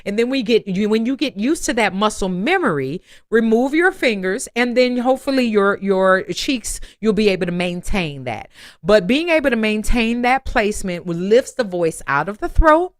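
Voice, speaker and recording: A woman's voice: mid-range voice, animated, moderate pace, dry recording, clean studio sound. A woman voice teacher giving an online singing lesson, encouraging her students and breaking into sung phrases and vocal exercises.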